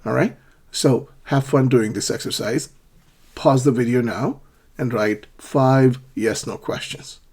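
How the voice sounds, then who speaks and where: A man's voice: medium pitch, steady tone, unhurried, darkish tone. A man teaching an English grammar lesson, patiently reading out example questions and answers. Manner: patient, repeats examples with clear question intonation.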